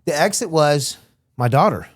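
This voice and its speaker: This young adult guest from Florida, a former smuggler, speaks at a moderate pace in a fairly high voice, animatedly voicing other people's lines as he tells his story in casual conversation. The studio sound is clean with no room tone.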